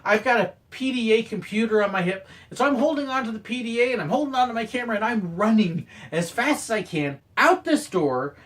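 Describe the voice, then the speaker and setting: A man recounts his theme park work days in a relaxed, storytelling monologue. His pitch rises and falls in lively swings, and he slips into loud, acted-out bursts for quoted moments. The voice sounds a little distant from the microphone. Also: brisk, hardly any pauses. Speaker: former theme park photographer sharing stories.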